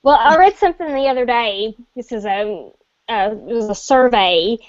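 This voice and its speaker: A woman's voice: on the high side, animated, normal speed, darkish tone, no room sound, muffled recording. A woman hosting a casual interview, asking friendly, curious questions. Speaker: talk show host.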